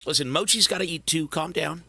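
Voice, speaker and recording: A man with a hoarse, worn-out voice chatting casually with viewers on a gaming live stream, loose and swearing. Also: on the high side, bright, forceful tone, no room sound. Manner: slow, loose, swearing banter. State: hoarse, sore throat. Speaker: gaming livestreamer.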